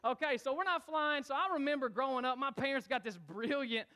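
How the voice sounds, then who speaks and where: A young man, a youth pastor preaching a lively sermon in church and calling on the congregation to answer back. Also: extremely high pitch, fairly quick. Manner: energetic, calls on the crowd to respond.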